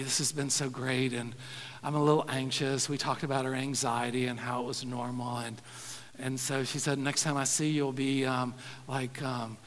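A man preaching a sermon, telling stories in a folksy way, sometimes quiet and sometimes animated. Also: medium pitch. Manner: folksy, says y'all, soft-spoken then animated. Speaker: pastor. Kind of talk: sermon storytelling. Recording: long hall reverb.

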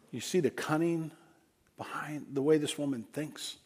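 A man's voice: on the high side, normal speed, darkish tone, husky. A man preaching a sermon in a conversational, joking way, often repeating words as he restarts. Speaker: pastor.

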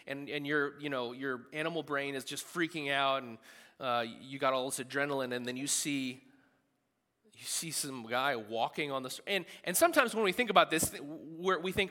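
Bright-voiced preacher in a reverberant hall. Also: male voice, medium pitch. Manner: conversational, animated preaching with quick asides. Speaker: pastor. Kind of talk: sermon.

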